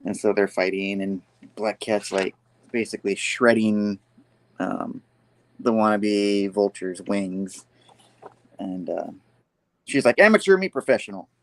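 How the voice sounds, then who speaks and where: A man's voice: fairly low pitch, fairly even intonation, takes it slowly, pauses often, no echo. A man hosting a casual comic book review, rambling with many fillers and frequent laughter. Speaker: host of a comic review show.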